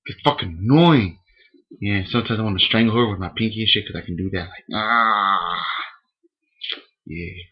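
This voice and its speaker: A man's voice: on the low side, moderate pace, long pauses, breathy edge, highs cut off. A young man in a casual, rambling and profane webcam rant from a room at home. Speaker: vlogger. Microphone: webcam microphone.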